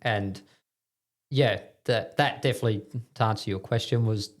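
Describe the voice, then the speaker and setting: A man's voice: on the low side, normal speed. A man from New Zealand, a speedway driver guesting on a podcast, talking in a rambling, self-deprecating way with lots of fillers. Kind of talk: casual podcast interview. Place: podcast studio.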